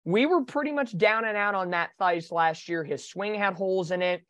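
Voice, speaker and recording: A man's voice: high-pitched, moderate pace, clean tone, no echo. Opinionated sports podcast host, man. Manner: animated, opinionated. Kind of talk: casual sports podcast chat.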